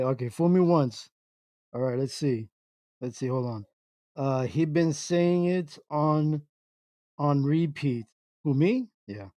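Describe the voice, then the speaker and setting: A man hosting a casual internet radio show, reading chat messages aloud in a slow, halting way and breaking into laughter. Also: on the high side, dark tone, no echo, clean studio sound.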